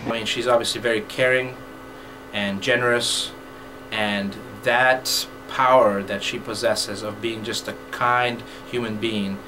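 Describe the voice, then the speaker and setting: This is a young man who speaks in a considered, slightly halting way, as if choosing his words as he goes. A steady noise sits clearly behind him. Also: fairly low pitch. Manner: thoughtful, a little hesitant. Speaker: groomsman. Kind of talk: casual interview. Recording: noisy background.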